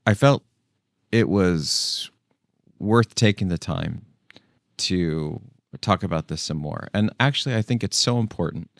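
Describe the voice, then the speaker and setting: A man's voice: low voice, dry recording, studio quality. A man hosting his own channel, talking casually and thinking aloud with frequent restarts. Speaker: tech channel host. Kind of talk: casual solo video talk.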